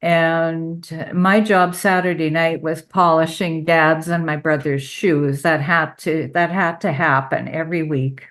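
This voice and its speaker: A woman in a church study group, speaking in a halting, thoughtful way. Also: low voice, steady tone, fairly bright tone.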